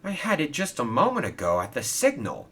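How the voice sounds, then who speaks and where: A man's voice: mid-range voice, wildly swooping pitch, a little fast, bright, forceful tone, breathy edge, voice pushed up, exaggerated voice. A man voicing a kind, helpful male steam engine who speaks earnestly and reassuringly.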